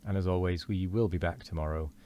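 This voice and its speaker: A man with a very deep voice reads a classic novel aloud at a measured pace, then chats briefly and casually to his viewers. A faint background hum sits under his voice. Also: steady tone, mellow. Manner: measured reading, casual sign-off. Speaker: game streamer reading a book aloud.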